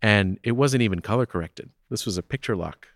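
A man in his thirties speaks in a very deep voice as a guest on an interview podcast. He argues his points emphatically, often checking in with "right?". The recording is dry and close, with no room sound. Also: brisk, no room sound. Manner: emphatic, keeps asking "right?" to drive points home. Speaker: theater owner and festival director guest. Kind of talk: conversational interview.

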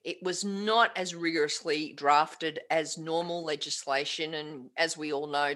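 An Australian woman speaks as a tax agent in a relaxed interview. She talks with a bright, forceful edge at a slightly low pitch. She rambles and often restarts her sentences mid-thought. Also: measured pace, hardly any pauses. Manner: rambling, frequent restarts and self-corrections. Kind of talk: candid interview chat.

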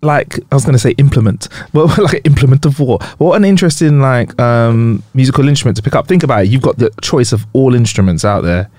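A man's voice: mid-range voice, fast talker, hardly any pauses, a little mellow, no room sound, clean studio sound. A man co-hosting a comedy podcast, rambling and laughing often in casual banter. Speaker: podcast co-host.

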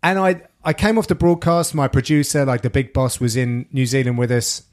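A man hosting a podcast, telling stories in casual chat with animated, sweary delivery. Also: medium pitch, brisk. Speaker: podcast host and sports commentator.

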